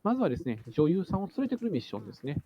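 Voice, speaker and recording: A man commentating a live game broadcast, talking quickly with many hesitations. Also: sits high, muffled recording. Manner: rapid, lively, many hesitation fillers.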